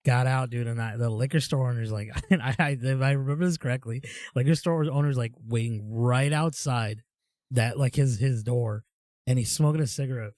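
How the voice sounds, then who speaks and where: Man, co-host, rambling storyteller, casual chat, dry close sound, mid pitch. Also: fairly quick, darkish tone, no room sound. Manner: rambling storyteller, says dude. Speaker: podcast co-host.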